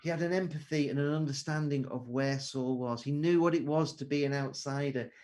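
A man's voice: medium pitch, a little mellow. A man preaching an earnest sermon over a video call, asking rhetorical questions.

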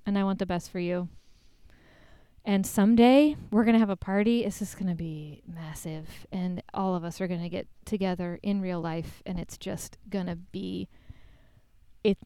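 A woman's voice: lowish voice, fairly even intonation, warm tone, smooth, no room sound. Profane, ranting woman podcast host. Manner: profane, fast ranting with self-mocking asides. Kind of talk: casual podcast chat.

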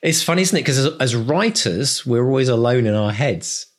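A man's voice: medium pitch, lively intonation, moderate pace. A man co-hosting a podcast, enthusiastic and rambling in casual chat. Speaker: podcast co-host.

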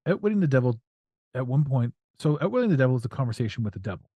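A man hosts a loose, casual podcast and talks at a middle pitch. He tells stories in an animated way and slips into silly voices for a laugh. The recording is dry and close, with no room sound. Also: rapid-fire, slightly rough, no room sound, muffled recording. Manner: animated, acts out voices and jokes. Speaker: podcast host.

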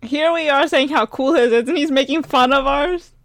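An American woman co-hosts a casual podcast, her fairly high voice full of teasing banter and easy laughter. The sound is dry and close to the mic, and she has a mild Maryland accent. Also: normal speed, fairly bright tone, dry recording. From Maryland, USA. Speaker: podcast co-host. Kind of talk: casual chat.

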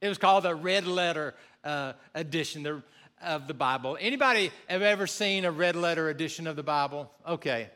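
Bright, high-voiced preaching pastor. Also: male voice. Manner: animated, joking with the congregation, slows down for emphasis. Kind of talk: sermon. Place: church sanctuary before a congregation.

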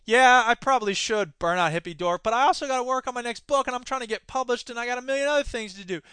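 A sarcastic, animated man hosting a solo news podcast, who argues with himself. His voice is high and bright. The sound is dry and close. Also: quick pace, few pauses, clean tone, dry recording. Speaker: podcast host.

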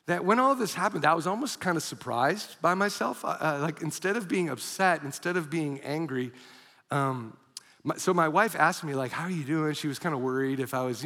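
A male pastor delivers a sermon in a high, bright, forceful voice, telling stories with lively energy and sudden shouts. His voice rings out in a large hall with a long reverb trailing behind it. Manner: animated storyteller, bursts into shouts. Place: church auditorium.

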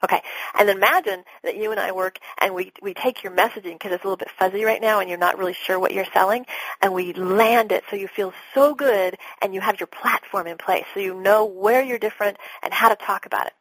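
A middle-aged woman, a business coach being interviewed, talking in an animated way and acting out her sales calls. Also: mid-range voice, a little fast, husky, no room sound, rough recording. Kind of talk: podcast interview talk.

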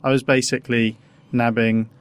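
A man hosting a casual podcast, rambling with halting restarts and self-deprecating asides. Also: medium pitch, flat delivery, smooth. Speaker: podcast host.

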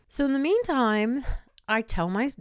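A woman's voice: sits high, sing-song, normal speed, clean tone, dry recording, clean studio sound. An older woman hosting a podcast, telling a personal story with feeling and sometimes dropping to a whisper. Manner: emotional, drops to whispers in tender moments. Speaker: podcast host.

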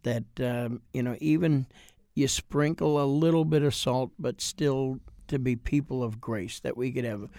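A man with a Midwestern American accent, a pastor co-hosting a podcast, speaking gently and affirming his co-host. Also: mid-range voice, fairly even intonation, a little slow, no room sound, studio quality. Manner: gentle, affirming, says "amen". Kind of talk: casual podcast talk.

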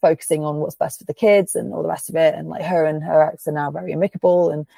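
A woman podcast host with a lowish, gravelly voice and a mellow, dark tone, recorded dry and close. She talks in a casual, rambling way, packed with fillers and the odd swear word. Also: fairly even intonation, fast, no echo. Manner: chatty storytelling, filler-heavy, swears freely. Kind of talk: casual chat.

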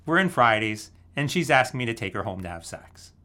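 A man's voice: medium pitch, big pitch swings, a little fast, sharp tone. A man casually telling a story, laughing often as he goes. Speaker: guest telling a dating story. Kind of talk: casual anecdote.

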